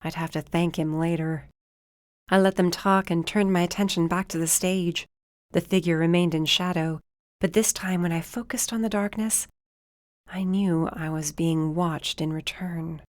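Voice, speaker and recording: A woman reading a first-person audiobook with tense, brisk storytelling into a close studio mic. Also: on the low side, fairly even intonation, no echo. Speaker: audiobook narrator. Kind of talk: first-person scripted narration.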